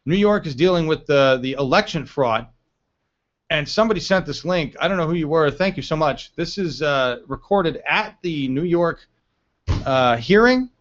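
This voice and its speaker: A man's voice: fairly high pitch, animated, moderate pace, highs cut off. A man giving blunt, profane political commentary on a live stream.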